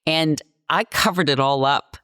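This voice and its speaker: A woman in her sixties with a low voice talks in a podcast interview. She tells her stories bluntly and with passion. The sound is dry and close, with no room around it. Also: measured pace, clean tone, no echo. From Virginia, US. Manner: passionate, blunt, animated storytelling. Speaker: guest.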